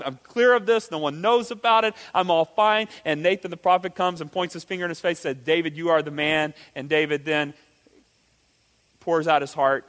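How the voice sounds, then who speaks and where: A man preaching a sermon with animated delivery, asking rhetorical questions and acting out quotes. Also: high voice. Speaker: pastor. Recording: reverberant hall.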